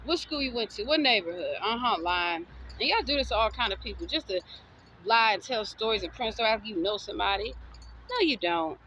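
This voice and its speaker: A woman's voice: medium pitch, animated, brisk, sharp tone, slight background noise, poor audio. A woman from the States, giving a sassy, defiant, preachy motivational monologue. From Southern United States. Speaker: vlogger.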